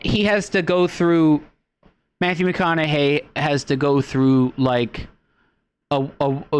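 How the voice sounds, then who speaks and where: A man's voice: a little high, clear, resonant tone. A young man casually recapping a movie on a livestream, rambling and swearing offhandedly.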